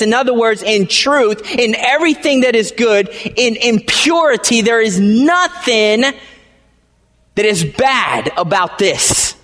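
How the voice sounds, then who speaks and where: A man preaching a sermon, emphatic and repetitive, swinging from hushed lines to shouted ones. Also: extremely high pitch, lively intonation, takes it slowly. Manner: emphatic, repeats phrases, swings between quiet and shouting. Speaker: pastor. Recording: long hall reverb.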